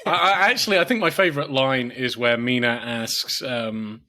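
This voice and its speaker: Man, podcast co-host, casual, profane, animated, bright voice. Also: mid-range voice, normal speed. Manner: swears a lot, laughs often, animated. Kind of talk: casual film chat.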